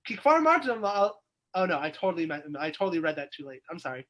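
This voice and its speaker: This man teaches a weekly Torah class as a rabbi on a video call, explaining by asking questions aloud in a lively text study session. He talks fast, on the high side, with big pitch swings and a bit of brightness, and there's a little hiss or hum.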